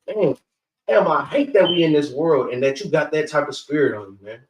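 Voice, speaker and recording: A man's voice: fairly high pitch, animated, a little fast. A man teaching a scripture class in a street-style preaching manner, who keeps repeating "guess what" and "man" and swears casually. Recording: echoey room from far off.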